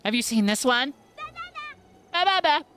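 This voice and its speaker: An excitable little village kid, as a male streamer puts on, high and squeaky and full of giggles. The voice leaps way above his own, bouncing eagerly through each game line. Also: measured pace, soft background music, exaggerated voice. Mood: playful.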